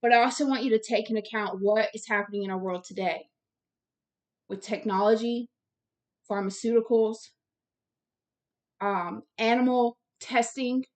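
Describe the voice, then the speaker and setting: A woman's voice: fairly high pitch, steady tone, moderate pace, pauses often, darkish tone. A woman teaching the Bible, reading scripture aloud and breaking off into direct, earnest commentary, sometimes stumbling over long words.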